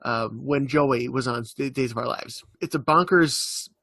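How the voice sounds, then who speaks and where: A man's voice: mid-range voice, measured pace, vocal fry, bright, forceful tone, dry recording. A young man co-hosting a podcast, rambling through a retelling with lots of fillers in casual chat. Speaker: podcast co-host.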